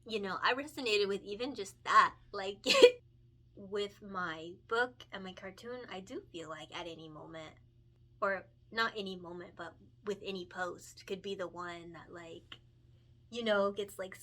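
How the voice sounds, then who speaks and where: Coloring as she talks, this young adult illustrator and vlogger of picture books speaks in a medium-pitched, sharp-toned voice. Her casual chat is gushing and emotional, sprinkled with laughter and frequent uses of "like."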